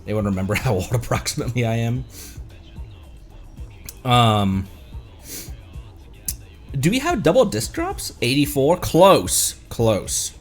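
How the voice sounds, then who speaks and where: A man from Colorado streaming a game at home, stuffy from a cold, who rambles, laughs a lot and pokes fun at himself in casual chat. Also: fairly low pitch. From Colorado, United States. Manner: rambling, self-mocking, laughs often. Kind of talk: casual live-stream chat over gameplay.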